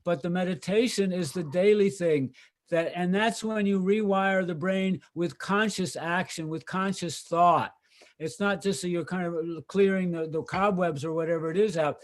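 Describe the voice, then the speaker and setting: High-voiced male host, loose and rambling. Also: normal speed. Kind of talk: casual conversational interview. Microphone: video call.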